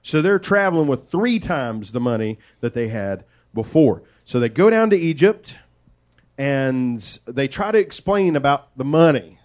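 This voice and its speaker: A man preaching, retelling a story in a lively, conversational way with folksy asides. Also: mid-range voice, measured pace. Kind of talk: sermon storytelling.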